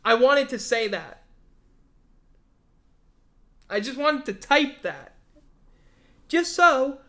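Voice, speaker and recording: A man's voice: very high-pitched, big pitch swings, drawn-out words, bright, forceful tone. A man hosting a live stream, chatting casually and rambling, swearing freely and joking at his own expense while sounding yawny and tired. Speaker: livestream host.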